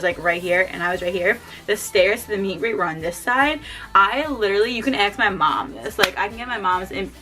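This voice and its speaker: A young woman vlogger telling an excited story at home, gushing and saying "like" constantly. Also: medium pitch. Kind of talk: casual story time.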